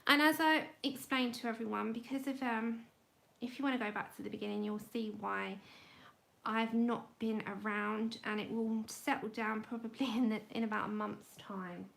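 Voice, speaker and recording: A woman's voice: fairly even intonation, moderate pace, creaky, fairly bright tone. Chatty woman hosting a colouring livestream. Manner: chatty, talks to her dog in high coaxing tones. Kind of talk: casual livestream chat. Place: home indoors. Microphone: phone.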